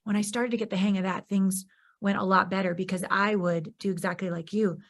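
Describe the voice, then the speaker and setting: A woman's voice: medium pitch, fairly even intonation, a little fast. Encouraging, outspoken woman podcast host. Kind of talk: conversational interview.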